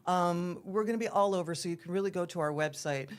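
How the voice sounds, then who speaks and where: A woman's voice: lowish voice, fast. A woman from the theater scene, a guest on a morning TV chat show, explaining things eagerly and at length. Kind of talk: casual interview.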